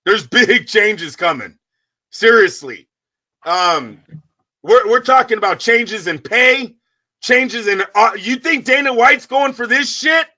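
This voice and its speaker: A very high-pitched man with a sharp, intensely bright tone holds the floor on a boxing talk show. He rants loudly and swears freely, firing off heated questions at his co-host and listeners. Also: lively intonation, slow, dull audio. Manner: loud, profane, ranting. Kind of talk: heated sports talk rant.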